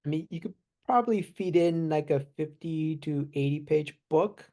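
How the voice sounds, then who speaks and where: A man in casual chat, relaxed, explaining technical points with examples and small laughs. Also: on the high side, normal speed. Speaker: AI expert guest.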